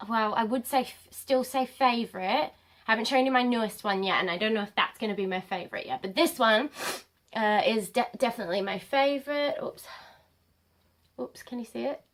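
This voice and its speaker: A woman's voice: a little high, fairly bright tone. A young adult woman vlogging casually to camera at home, rambling with many ums.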